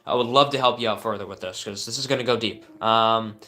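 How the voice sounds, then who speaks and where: A man's voice: lowish voice, fairly even intonation, fast talker, pushed and bright. A young man hosting a live stream, answering viewer questions with earnest coaching advice and frequent fillers and restarts.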